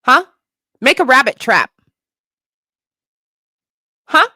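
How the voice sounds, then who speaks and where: A woman co-hosting a podcast, ranting in a profane, animated way and laughing often. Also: high voice, extremely slow, dry recording, clean studio sound. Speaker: podcast co-host. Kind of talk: casual comedic commentary.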